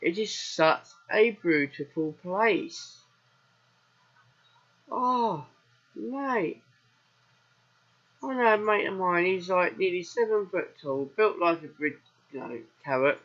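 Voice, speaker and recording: A man's voice: high voice, measured pace, a bit bright, dull audio. A British man with a sore throat, chatting casually through a farming game as its host, rambling and answering his own questions. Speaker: let's play host.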